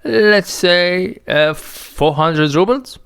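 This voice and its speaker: A man's voice: high-pitched, drawn-out words, creaky, fairly bright tone, clean tone, pitched above the performer's own voice, full character voice. A man reading the part of a boastful young male impostor official in a dramatic reading of a play, in a smug, offhand way.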